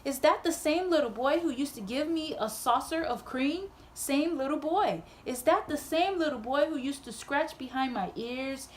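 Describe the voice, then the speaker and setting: A woman's voice: normal speed, few pauses, a little hiss or hum, lightly acted. A woman voicing an affectionate old house cat in a read-aloud storybook, asking fond questions in a raised voice. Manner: fond, questioning, higher and brighter than her reading voice.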